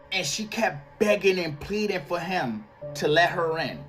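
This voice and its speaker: A man's voice: high-pitched, lively intonation, measured pace, a bit bright, faint music behind. Slangy man reacting to a clip. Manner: slangy, exclaiming, addresses viewers as y'all. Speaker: reaction video host. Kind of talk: casual commentary on a clip.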